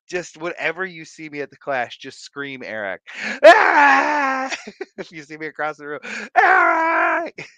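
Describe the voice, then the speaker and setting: A man's voice: on the high side, bright, forceful tone, dry recording. A man in his thirties hosting a casual live stream, playful and sing-song as he greets viewers by name, sounding tired. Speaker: livestream host.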